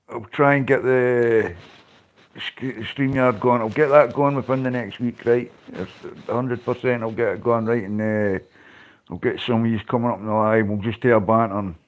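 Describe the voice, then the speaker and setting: A man's voice: mid-range voice, muffled recording. A Scottish man hosting a livestream, chatting loosely with viewers, swearing and laughing as he goes. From Scotland. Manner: rambling, swearing, laughs often. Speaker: livestream host. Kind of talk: casual chat to live viewers.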